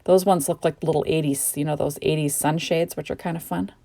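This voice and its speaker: Middle-aged woman from Canada, lower voice, drowsy and gushing, casual crafting chat. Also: fairly even intonation, fairly quick, dark tone. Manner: chatty and gushing, rambling asides. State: sleepy, yawning. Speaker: card-making crafter. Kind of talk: casual crafting tutorial narration. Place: home craft desk.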